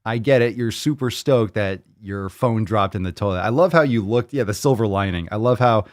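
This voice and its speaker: A man hosting a fitness podcast in casual chat, joking and animated, swearing freely. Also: on the low side, fairly quick, no room sound, clean studio sound. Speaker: podcast host.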